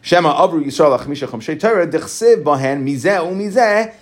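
A man teaching a Talmud class, reading passages aloud and explaining them in relaxed English with frequent "right?" and "okay". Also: fairly high pitch. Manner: reads Aramaic quickly, then explains in casual English with many "right?" and "okay".

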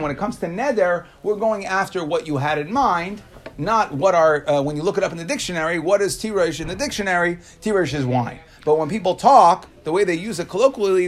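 A man teaching a Talmud class to students in a classroom, explaining in bursts and asking rhetorical questions that he answers himself. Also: a little high.

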